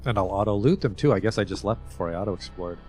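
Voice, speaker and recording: A man's voice: fairly low pitch, very fast, darkish tone, faint music behind. A man streaming a video game, chatting casually, reading item descriptions aloud and swearing now and then. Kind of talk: casual livestream commentary.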